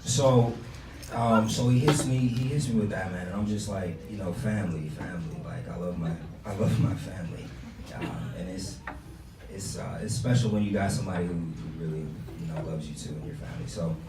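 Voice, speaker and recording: Low-voiced young man telling stories. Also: fairly quick, noisy background. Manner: loose and laughing, many fillers. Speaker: open mic comedian. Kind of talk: casual chat and stand-up storytelling. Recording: echoey room, far from the mic.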